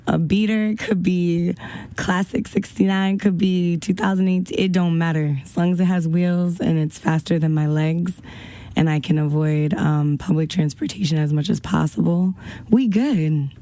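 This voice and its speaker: A woman's voice: on the low side, fairly even intonation, normal speed, mellow, dry recording. A woman co-hosting a casual radio show, chatty and rambling with lots of fillers, a bit out of breath. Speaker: radio co-host. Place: radio studio.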